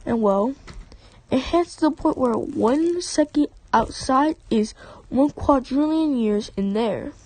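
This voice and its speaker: Woman improvising a story narration, restarts a lot, soft high voice. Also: expressive, slow pace. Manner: rambling, with frequent restarts and self-corrections.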